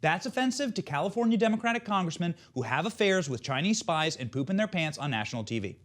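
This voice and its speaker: A man's voice: high-pitched, sing-song, quick pace, fairly bright tone. A man hosting a show, delivering scripted political commentary in a mocking, sarcastic way. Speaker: show host.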